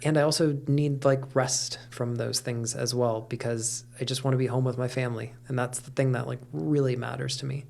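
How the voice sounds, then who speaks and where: A man's voice: medium pitch, level tone, normal speed, gravelly, few pauses, a little mellow. A middle-aged man talking candidly as a podcast guest, with lots of fillers and casual swearing. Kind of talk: casual conversation.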